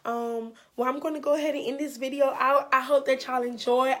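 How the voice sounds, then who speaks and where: A woman's voice: sits high, little pitch movement, a little fast, hardly any pauses, soft background music. A young woman telling a heartfelt storytime vlog in an earnest, encouraging way, repeating phrases for emphasis. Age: young adult. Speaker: vlogger.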